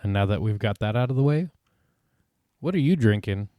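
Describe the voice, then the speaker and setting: A man's voice: fairly low pitch, expressive, a little fast, warm tone, dry recording. Dry-joking man podcast co-host. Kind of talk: casual podcast banter.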